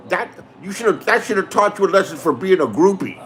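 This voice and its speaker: A man holds forth in a heated, profanity-laced rant, calling out rivals as if they were sitting in front of him. His voice sits a little high for a man. A faint wash of background noise runs under the recording. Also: sing-song, brisk, fairly bright tone. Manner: profane, confrontational, addresses absent rivals directly. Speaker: YouTube drama streamer. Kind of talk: heated ranting monologue.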